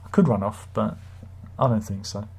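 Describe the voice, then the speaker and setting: A man's voice: lowish voice, moderate pace, vocal fry, a little mellow, husky. A man hosting a live stream, reading chat comments and grumbling sardonically in a rambling, casual way. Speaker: livestream host.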